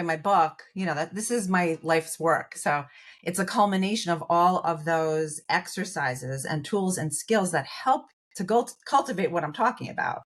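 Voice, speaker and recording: A middle-aged woman with a fairly low voice talks as a therapist on a podcast. Her delivery is encouraging and emphatic, and she keeps checking in with little asides as she coaches. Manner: warm, encouraging, emphatic with fillers. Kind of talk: coaching conversation.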